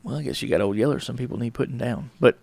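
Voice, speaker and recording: Podcast host, male, gravelly with heavy fry, casual and rambling, dry close sound. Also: mid-range voice, racing, darkish tone, no echo. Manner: rambling, conversational, acts out little dialogues. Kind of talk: casual solo talk on relationships.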